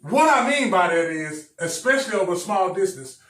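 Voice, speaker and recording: A man's voice: high-pitched, very animated, brisk, fairly bright tone. A male preacher teaching a sermon. He talks emphatically, repeats his phrases and addresses the congregation directly. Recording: echoey room, mic at a distance.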